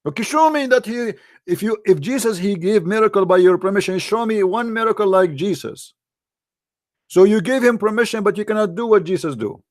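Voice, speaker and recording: A man's voice: high voice, animated, fairly quick, no echo, clean studio sound. A man hosting a call-in debate show, talking bluntly and scornfully, often repeating his points.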